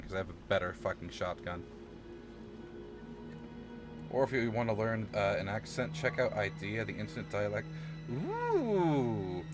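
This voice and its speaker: A man streaming a game live, commenting casually with swearing and frequent laughter. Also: lowish voice. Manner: casual, profane, laughs often.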